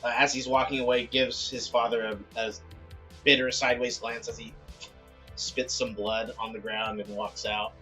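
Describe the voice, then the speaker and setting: Guy narrating his character's moves, bright forceful voice, faint music. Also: medium pitch, flat delivery, normal speed. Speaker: player. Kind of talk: tabletop role-play narration.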